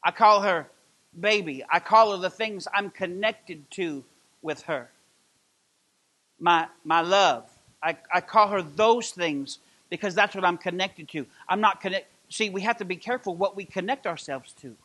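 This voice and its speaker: Middle-aged guy preaching in church, high voice, gets loud and fired up. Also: a little slow. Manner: impassioned preaching, rising to loud emphatic peaks. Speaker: pastor. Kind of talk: sermon. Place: church sanctuary.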